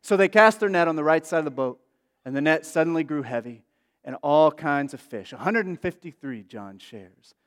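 The pastor's voice is a little high and animated, moving at a moderate pace. His sermon is casual and chatty, full of asides and fillers, and the recording carries the long reverb of a large hall.

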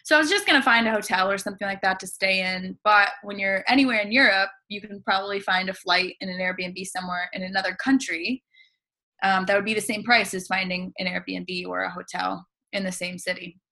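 A woman's voice: medium pitch, fairly even intonation, a little fast, pushed and bright. An American woman, a podcast guest, telling a long story in a breezy, chatty way, full of casual fillers. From United States.

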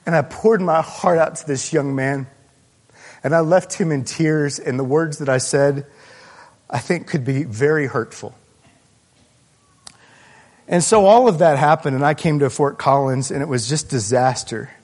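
Earnest pastor preaching in a reverberant hall. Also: male voice, a little high, a little mellow. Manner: earnest, halting storytelling with many restarts. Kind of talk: sermon.

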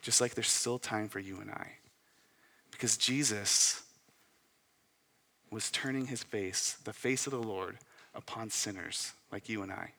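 A young man preaching a sermon as pastor, rising to loud emphatic peaks and dropping to soft hushed asides. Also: lowish voice, normal speed, gravelly, in a large hall.

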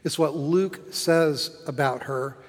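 A man delivers a sermon from a cathedral, his somewhat high voice ringing through a long reverb. He speaks slowly, in measured phrases that lift for emphasis. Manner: slow, measured preaching with emphatic rises. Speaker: cathedral dean. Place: large cathedral.

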